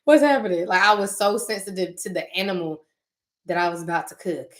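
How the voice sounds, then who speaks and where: A woman hosting her channel, chatting casually with viewers about spiritual matters. She tells stories in an animated way and acts out her own reactions. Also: fairly low pitch, fairly quick. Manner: uses casual slang, talks directly to listeners. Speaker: channel host talking to viewers.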